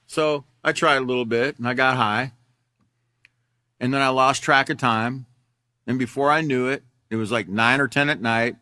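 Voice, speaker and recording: A man's voice: mid-range voice, moderate pace, sharp tone, no room sound, studio quality. A middle-aged man teaching a character education class, telling a candid personal story in a conversational way. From Alaska.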